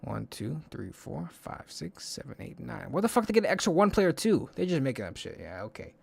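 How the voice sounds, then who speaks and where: A man's voice: medium pitch, big pitch swings, a little fast, gravelly, husky. A young man hosting a solo podcast in casual chat, rambling and swearing, counting under his breath while he thinks aloud. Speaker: podcast host.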